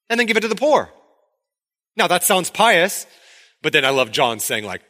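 A man's voice: fairly high pitch, moderate pace, pauses often. A man preaching a sermon in a conversational way, acting out quotes from the story as he goes. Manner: conversational, animated, acts out quotes. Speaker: pastor.

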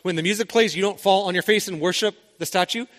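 A man's voice: high-pitched, fast talker, a bit bright. A man preaching a sermon as the pastor, talking conversationally with rhetorical questions and frequent restarts. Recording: long hall reverb.

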